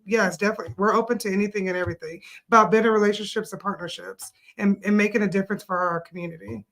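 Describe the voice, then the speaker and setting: A woman who owns an adult day care business, explaining her services in a measured way with frequent fillers. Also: mid-range voice, steady tone, vocal fry, fairly bright tone. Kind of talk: casual interview answers.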